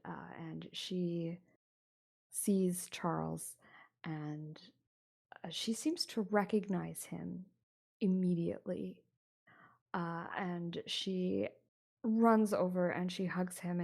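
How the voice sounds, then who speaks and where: A woman's voice: fairly low pitch, vocal fry, darkish tone. A woman running a tabletop horror game as game master, narrating steadily with many fillers.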